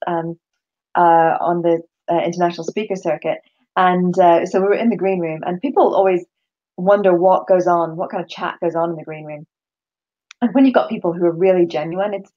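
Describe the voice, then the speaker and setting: A woman leading a course, talking in a casual conversation, animated and quick to act out other people's voices, with frequent restarts. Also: on the low side, muffled recording. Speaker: course leader and speaker.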